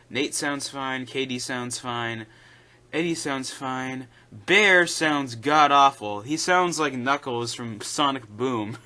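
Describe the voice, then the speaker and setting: A man with a bright, forceful voice at a middle pitch, talking through his opinions in a casual commentary video. He rambles and fills pauses with "um" and "like", but he states his complaints bluntly. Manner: rambling, opinionated, with frequent fillers. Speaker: YouTube commentator.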